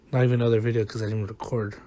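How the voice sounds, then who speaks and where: A man's voice: fairly low pitch, mellow, dry recording. A man giving rambling, exasperated, self-mocking commentary over a game. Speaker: gaming vlogger. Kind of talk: casual gameplay commentary. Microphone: close desk mic, no camera.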